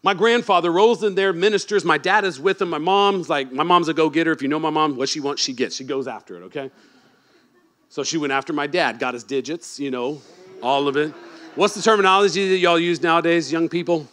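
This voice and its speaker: High, bright-voiced animated male preacher. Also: brisk. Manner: animated, swings from quiet asides to shouted emphasis; joking, teasing the congregation. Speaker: pastor. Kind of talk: sermon.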